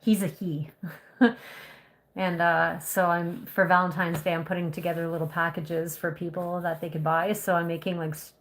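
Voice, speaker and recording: A woman's voice: on the low side, flat delivery, moderate pace. A woman chatting casually on a live stream from a phone, rambling loosely with lots of "like" and "you know". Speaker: livestream host. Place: outdoors in snowy cold with a pet goose.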